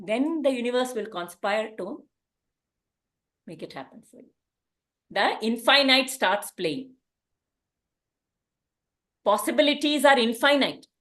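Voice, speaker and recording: A woman, teaching a spiritual class through a gentle, meandering parable. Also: fairly high pitch, animated, a little slow, long pauses. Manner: gentle storytelling with restarts.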